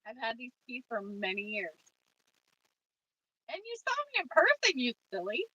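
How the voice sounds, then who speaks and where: A woman's voice: on the high side, very animated, moderate pace, pushed and bright, slightly rough, far from the mic, highs cut off. A woman hosting a casual trucking livestream, reading viewer comments aloud and chatting back to them.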